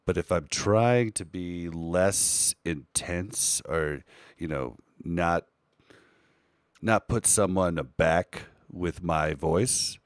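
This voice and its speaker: A man with a lowish voice co-hosting a live podcast. He chats loosely and with energy, sometimes lifting into a lighter, softer register. The sound is close and dry, with no room around it. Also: very slow, no echo. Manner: animated, switches between a deeper casual voice and a higher softer one. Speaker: podcast co-host and streamer. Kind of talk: casual live podcast chat.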